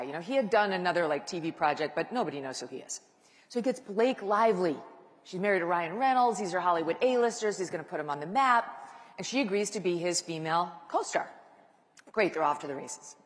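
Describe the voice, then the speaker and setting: Woman speaker, chatty and self-mocking, long reverb of a large hall. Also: on the low side. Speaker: guest speaker. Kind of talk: casual stage talk.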